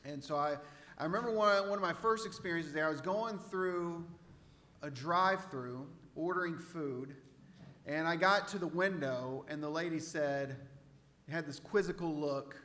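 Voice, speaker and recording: Texan preacher guy, kinda high bright voice, chatty sermon, long echo in the church hall. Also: moderate pace. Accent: Central Texas. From Central Texas. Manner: conversational preaching, repeats rhetorical questions. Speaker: pastor. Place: church sanctuary.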